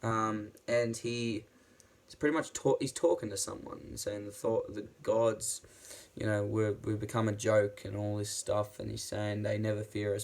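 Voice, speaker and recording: A man giving a casual spoken movie review, excitable and rambling, who swears freely and often restarts his sentences. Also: lowish voice, moderate pace, vocal fry.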